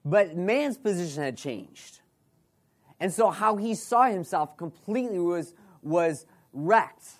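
A man's voice: sits high, expressive, takes it slowly. Man preaching with repeated questions. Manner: preaching with rhetorical questions, repeating phrases and restarting. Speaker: pastor. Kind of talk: sermon.

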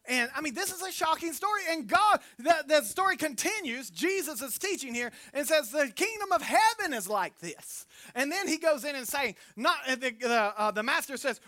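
A man preaching a sermon in a church, telling a story with animated voices and joking with the congregation. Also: very high-pitched, no echo, clean studio sound. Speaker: pastor.

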